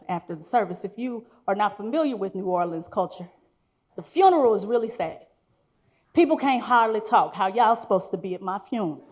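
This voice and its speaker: A woman, performing a stand-up comedy set, telling stories animatedly and acting out the people she quotes. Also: medium pitch. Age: 40s. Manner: animated storytelling, acts out quoted voices. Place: live venue before guests.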